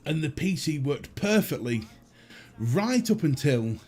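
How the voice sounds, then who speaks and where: Animated, swearing British male streamer. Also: a little high, a little slow, husky. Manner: profane, animated, self-mocking storyteller. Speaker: livestream host. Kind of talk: casual storytelling chat.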